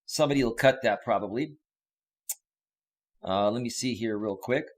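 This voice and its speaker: A man's voice: mid-range voice, moderate pace. A man hosting a casual live stream as a life coach, joking with viewers and greeting them by name.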